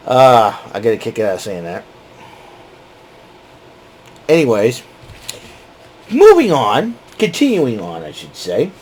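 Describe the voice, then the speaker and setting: A man's voice: mid-range voice, huge pitch swings, takes it slowly, pauses often, a little mellow, a little hiss or hum, rough recording. A man giving a casual, rambling recap as host, with many fillers and restarts. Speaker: wrestling show recap host.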